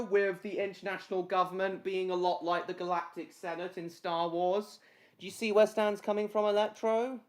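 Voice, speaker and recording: A man's voice: fairly high pitch, fairly bright tone. A man hosting a casual live stream, rambling and answering viewers by name mid-sentence, with lots of basically and reckon.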